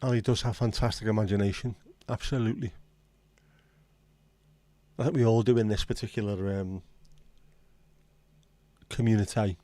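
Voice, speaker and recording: Laid-back bloke, low mellow voice, dry close sound, chatting to his stream. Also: steady tone, normal speed, pauses often, dry recording. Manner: easygoing, jokey, responds to chat messages. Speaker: livestream host. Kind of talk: casual livestream chat.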